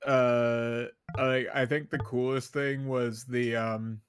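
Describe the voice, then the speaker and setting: A man's voice: mid-range voice, flat delivery, slow pace, slight background noise. A man chatting casually on a stream, rambling with lots of fillers and restarts. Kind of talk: casual chat.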